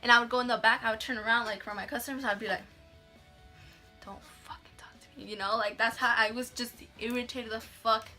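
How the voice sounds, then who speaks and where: Bright-voiced young woman telling a story. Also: a little high, fairly even intonation, fast, hardly any pauses, soft background music. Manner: casual and chatty, swears freely, says "like" constantly; mixes in Spanish words. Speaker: vlogger. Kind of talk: casual storytime vlog.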